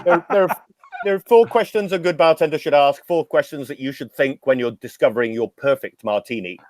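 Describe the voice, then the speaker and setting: A middle-aged man, a drinks educator guesting on a podcast, telling long anecdotes with wry humor in a relaxed conversational way. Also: a little high, fairly quick, dry recording. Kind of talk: casual storytelling interview.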